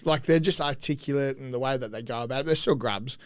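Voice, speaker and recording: A man's voice: medium pitch, quick pace, fairly bright tone, clear, resonant tone. A man, a former rugby league player, telling rambling, profane stories in a casual podcast chat, often laughing mid-sentence. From Australia.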